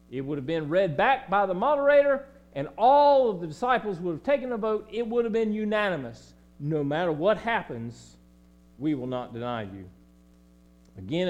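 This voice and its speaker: A pastor with a Southern accent preaching a sermon in a church, swinging between loud emphasis and quiet, low passages. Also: male voice, dull audio. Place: church sanctuary.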